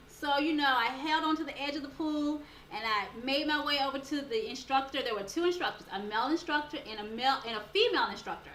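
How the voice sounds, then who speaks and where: Woman, motivational life coach, animated storyteller, high-pitched, roomy recording. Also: fast talker, few pauses, a little hiss or hum. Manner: earnest, animated storyteller with a preaching build. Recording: roomy echo with faint background ambience.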